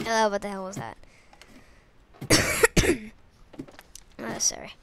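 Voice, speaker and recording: A woman giving goofy, excitable let's play commentary while playing a game, talking to herself and the viewers. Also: medium pitch, fast talker, slight background noise. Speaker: gamer.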